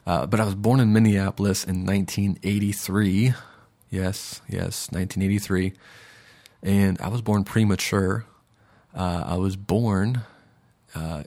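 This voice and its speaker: Low-voiced man rambling through a podcast. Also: a little mellow. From Florida, USA. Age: 30s. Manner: rambling and digressive, with many fillers. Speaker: podcast host. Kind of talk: casual podcast monologue.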